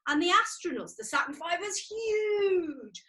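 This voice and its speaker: Bright high-voiced woman teaching preschoolers. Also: lively intonation, normal speed. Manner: cheerful, sing-song, leads physical activities. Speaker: preschool educator. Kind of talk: children's lesson over video.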